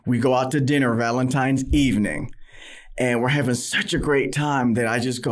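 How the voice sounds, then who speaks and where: A man from New City, a podcast guest telling personal stories in a lively, laughing way. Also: mid-range voice, moderate pace. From New York City. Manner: animated, laughing storyteller who acts out scenes. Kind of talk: storytelling in a faith podcast interview.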